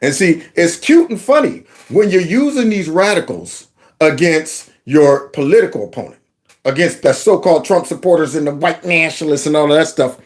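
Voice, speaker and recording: Animated high-voiced man ranting. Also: normal speed. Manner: mocking, animated, many fillers. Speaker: political commentary host. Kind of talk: casual political commentary.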